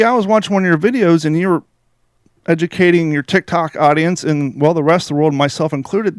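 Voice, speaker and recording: A man hosts a casual podcast interview, upbeat and nudging his guest with "right?" and "correct?" His voice sits a little high, recorded dry and close with no room sound. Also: no echo. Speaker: podcast host.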